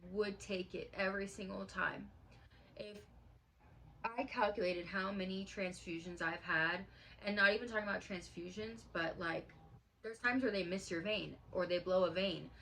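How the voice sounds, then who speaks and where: A woman's voice: medium pitch, measured pace, vocal fry, pushed and bright, slight background noise, poor audio. Earnest woman in her late twenties. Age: late 20s. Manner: earnest and heartfelt, casual with many fillers. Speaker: vlogger. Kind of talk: personal storytime vlog.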